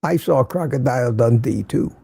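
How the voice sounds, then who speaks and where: A man's voice: medium pitch, normal speed, creaky, warm tone, breathy edge, no echo. An older man hosting a casual morning livestream, greeting viewers by name and reading the chat aloud. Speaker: livestream host.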